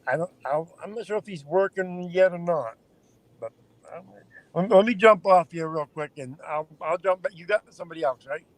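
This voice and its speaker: A man's voice: high voice, normal speed, no echo, low-quality recording. A man from Maine calling in as a guest on a live stream, chatting in a folksy way while driving. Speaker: guest caller. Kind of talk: casual chat. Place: in a car.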